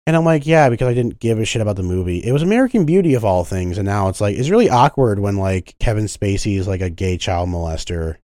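A man's voice: fairly low pitch, quick pace, hardly any pauses, dry recording, clean studio sound. A young man ranting in a casual monologue, swearing often and filling his talk with "like", at times mimicking other people. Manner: profane, animated, lots of fillers. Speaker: podcast host.

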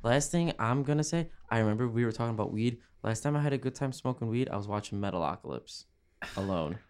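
A man's voice: medium pitch, expressive, fast, darkish tone, clean tone. A young man co-hosting a podcast in casual chat, interjecting and laughing often. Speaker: podcast co-host.

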